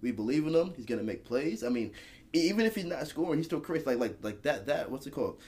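A young man co-hosting a casual sports podcast talks fast at a medium pitch. He argues animatedly, stumbling over his words and restarting his sentences again and again.

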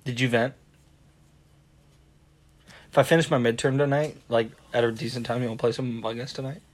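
A man's voice: mid-range voice, fairly even intonation, brisk. A young man hosting a casual podcast chat, talking loosely with lots of "like" and frequent laughs. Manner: laughs often, uses "like" a lot. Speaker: podcast host.

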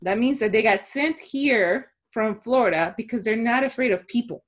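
A woman in her thirties co-hosting a podcast, telling stories in an animated, excitable way. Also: a little high, normal speed. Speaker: podcast co-host. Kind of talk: casual chat.

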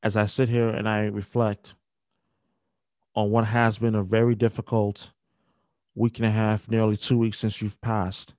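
A young man hosting a podcast, speaking a halting, grief-filled dedication with many restarts. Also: lowish voice, level tone, darkish tone, no room sound. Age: young adult. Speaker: podcast host. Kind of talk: emotional spoken dedication.

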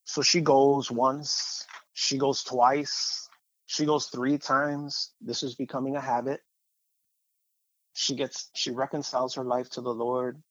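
A man's voice: medium pitch, little pitch movement, slow, a bit bright, no room sound, lo-fi sound. A man sharing a personal faith testimony in a conversational, rambling way, with fillers and repeated phrases.

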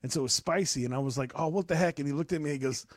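A young male podcast host with a medium-pitched voice races through a casual chat about his kid. He rambles, full of fillers and restarts, and the recording is dry.

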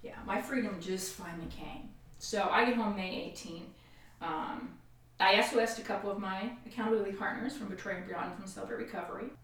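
A woman guest on a podcast, telling a painful personal story in an animated way and acting out the voices of other people. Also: mid-range voice, brisk. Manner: animated, acts out quoted voices, frequent laughs. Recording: far-off echoey room mic.

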